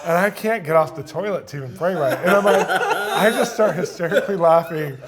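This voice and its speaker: Guy telling a crazy story, laughing a lot, gets loud and excited. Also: on the high side, a little fast, a loud crowd. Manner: excited, laughs through the telling, acts out voices. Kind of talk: animated storytelling.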